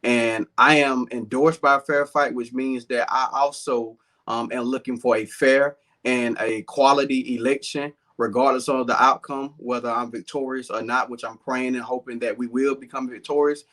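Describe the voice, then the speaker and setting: A man in his thirties with a Southern accent, speaking earnestly as a political candidate in an interview. His voice sits at a middle pitch, and he fills his sentences with ums and uhs. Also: steady tone, moderate pace, hardly any pauses, fairly bright tone. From southern Georgia, US. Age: 30s. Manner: earnest, many fillers.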